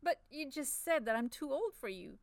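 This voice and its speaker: A woman's voice: sits high, expressive, normal speed, vocal fry, dry recording. A woman doing a charming, teasing older Frenchman. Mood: flirtatious.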